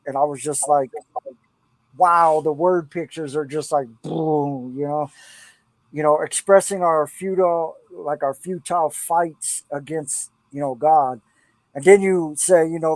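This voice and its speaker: A middle-aged man chats eagerly about lyrics in a voice pitched a little high. He rambles, repeats himself and drifts into preaching. The sound is dry, with no room around him. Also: no room sound, rough recording. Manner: enthusiastic, rambling, preachy asides. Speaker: podcast host and producer. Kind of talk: casual podcast chat about song lyrics.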